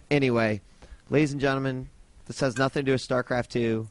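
Animated, swearing man telling a story. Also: mid-range voice, brisk, dry recording. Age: 30s. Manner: animated, profane, rambling. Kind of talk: casual storytelling.

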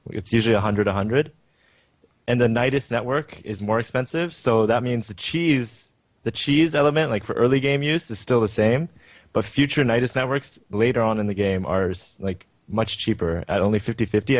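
A man in a casual gaming chat, calmly explaining game costs and thinking aloud. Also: on the low side, fairly quick, dry recording.

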